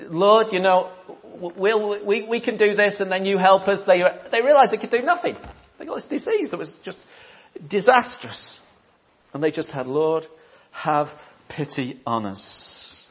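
A man's voice: high voice, dull audio. A man preaching a conversational sermon, asking rhetorical questions and repeating key phrases for emphasis.

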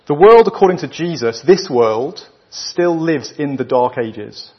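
A man with a British accent delivers a sermon at a deliberately slow pace. His voice is husky and sits a little high. The recording is dull and lo-fi, as if taken in a church. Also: animated. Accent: British English. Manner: emphatic, with rhetorical questions and weighty pauses. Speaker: preacher.

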